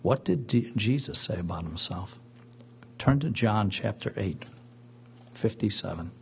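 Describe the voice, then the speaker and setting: Low, gravelly-voiced man preaching a sermon. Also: expressive, a little hiss or hum. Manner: earnest, measured storytelling. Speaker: pastor. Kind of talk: sermon with scripture reading.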